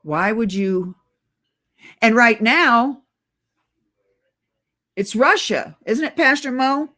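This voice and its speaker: A woman's voice: a little high, slow, pushed and bright. A middle-aged woman on oxygen, short of breath, ranting urgently to her viewers in a casual conspiratorial vlog and calling them guys. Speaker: political video blogger. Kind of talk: casual direct-to-camera rant.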